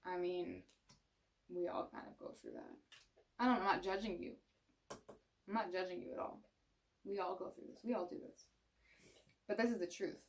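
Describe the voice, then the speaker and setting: A woman's voice: on the low side, big pitch swings, moderate pace, vocal fry, long pauses, recorded from a distance. A woman giving a casual, frank tarot reading, laughing often and acting out the thoughts she quotes. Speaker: tarot reader.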